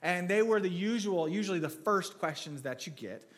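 A man's voice: high voice, animated, moderate pace. A man preaching a sermon in a church in a casual, joking storyteller's way, restarting his sentences often.

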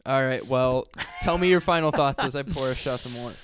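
A man's voice: medium pitch, fairly quick, a bit bright, a little hiss or hum. A man co-hosting a casual sports podcast, upbeat, who likes to argue the other side. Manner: upbeat, reasoning, plays devil's advocate. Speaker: podcast co-host.

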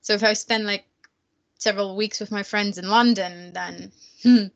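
A woman's voice: medium pitch, steady tone, normal speed, gravelly, highs cut off, background noise. A woman from Germany, a native German speaker, telling stories in casual English chat with a slight German accent and frequent laughter. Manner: chatty storyteller, laughs often.

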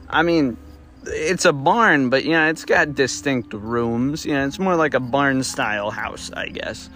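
A man's voice: mid-range voice, measured pace, fairly bright tone, soft background music. A man hosting a podcast, improvising a story in a rambling, self-correcting way and swearing casually. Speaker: podcast host.

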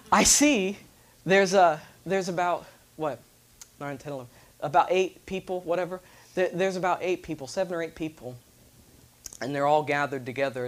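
A man preaching a sermon to a responsive congregation, telling a story with animated acted-out voices and loud exclamations. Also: a little high.

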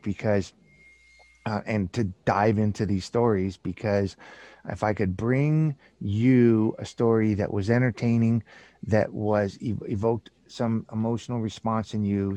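A man's voice: on the low side, no echo. A man talking about his book in a conversation, acting out little scenes with lots of restarts and fillers. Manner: animated storyteller acting out scenes with many restarts. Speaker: author and guest. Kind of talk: casual interview talk.

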